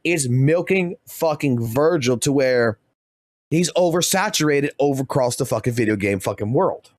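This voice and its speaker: A man's voice: mid-range voice, lively intonation, moderate pace, no echo, clean studio sound. A man who streams games, ranting heatedly and swearing constantly. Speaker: game streamer. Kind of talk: profane gaming rant.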